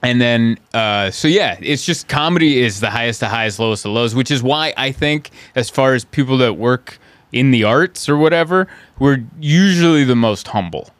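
A man, a stand-up comedian, telling stories in casual chat and now and then jumping into high voices for the people in them. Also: normal speed, dry recording. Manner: animated, acts out characters in high voices. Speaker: stand-up comedian, podcast host.

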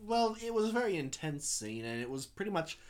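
A man on a casual movie commentary podcast who makes dry, deadpan jokes. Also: a little high, fairly quick. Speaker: podcast co-host.

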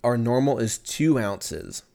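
In a casual solo podcast rant, a young host jokes, swears and laughs often, staying animated. He speaks slowly in a gravelly, mid-range voice.

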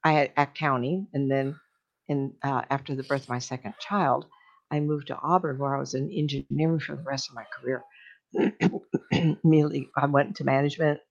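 An older woman, a medium, telling stories in a casual, animated way on a talk show, acting out the voices she quotes and laughing often. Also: rumbling low, fairly quick. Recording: dull lo-fi sound.

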